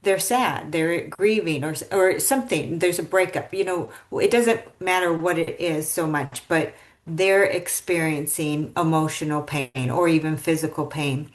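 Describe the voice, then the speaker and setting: A woman's voice: deep voice, unhurried. A woman hosting a podcast interview, reflective and thoughtful in how she talks. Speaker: podcast host.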